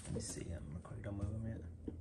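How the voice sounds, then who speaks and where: A woman filming a children's toy battle on her phone, giving quick directions off camera in a casual, bossy way. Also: very deep voice, gravelly, in a whisper. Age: adult. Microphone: phone camera held by the speaker.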